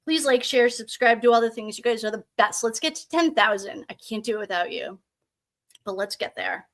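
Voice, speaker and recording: Young woman, chatty host of a tarot livestream, slightly high voice, giggly and self-deprecating. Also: moderate pace. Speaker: tarot reader and channel host. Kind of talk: casual livestream chat.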